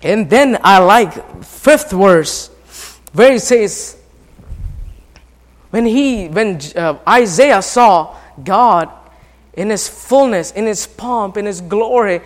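A man preaching a sermon as pastor, rising from hushed talk to loud, fervent passages and putting questions to the congregation. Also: high voice, expressive, takes it slowly. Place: church. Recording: long hall reverb.

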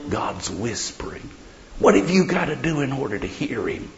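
A man preaching a sermon, swinging between loud declarations and hushed whispers. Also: medium pitch, sing-song, moderate pace, soft background music. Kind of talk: revival sermon. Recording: dull lo-fi recording.

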